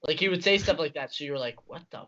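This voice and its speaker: A young man co-hosting a casual podcast, laughing and animated while telling work stories. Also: a little high, rapid-fire, background noise. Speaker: podcast co-host. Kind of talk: casual storytelling chat. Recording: dull lo-fi podcast audio.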